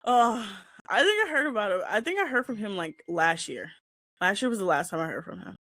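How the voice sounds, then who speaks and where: A woman hosting a casual chat show, telling an embarrassing story with animated, laughing delivery. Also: medium pitch, brisk, dry recording. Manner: animated, laughing, shrieking at punchlines. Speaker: host.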